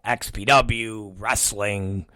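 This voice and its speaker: Speaking extremely slowly in a smooth, lowish voice, a middle-aged show host relates a profane story. He is animated, performs the quoted voices of its characters, and swears nonstop; the recording is dry.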